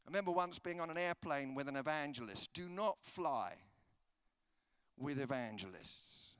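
A man's voice: fairly high pitch, lively intonation, moderate pace, fairly bright tone, smooth, dry recording. A British man preaching a humorous sermon, telling stories and acting out the dialogue in comic voices. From Britain. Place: conference hall.

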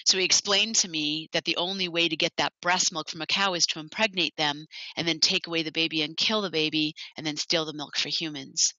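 A woman's voice: sits low, steady tone, brisk, few pauses, bright, forceful tone, no room sound. A woman who founded an animal sanctuary gives a personal talk, telling her story in an earnest, heartfelt way. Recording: dull lo-fi, dry.

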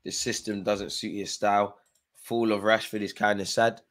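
A man's voice: on the low side, little pitch movement, normal speed, fairly bright tone, a little hiss or hum. A tired man hosting a live football watchalong, chatting through play-by-play with fan reactions. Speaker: watchalong host.

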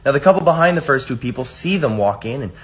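A man telling a joke, narrating in an animated storytelling way. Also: mid-range voice, fast.

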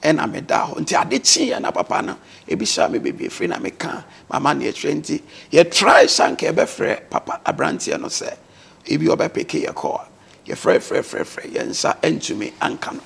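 A Ghanaian man recounts his past as a talk show guest, his voice gravelly and husky. He sits a little high for a man and speaks with an earnest, steady storytelling pull. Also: moderate pace. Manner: earnest storytelling, mixing English words into his speech.

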